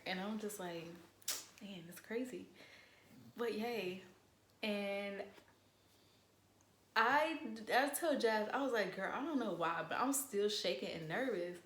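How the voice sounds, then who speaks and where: A young woman in casual storytime chat, animated and profane, acting out what people said. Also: lowish voice, reverberant. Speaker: vlogger.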